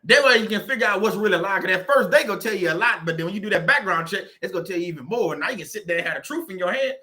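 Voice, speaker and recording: Louisiana guy with a high voice, cracking jokes and preaching about life, laughs a lot. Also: expressive, rapid-fire, bright, forceful tone. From Southern Louisiana. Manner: joking, preachy, laughs often. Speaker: channel host. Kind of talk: casual motivational talk. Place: room at home.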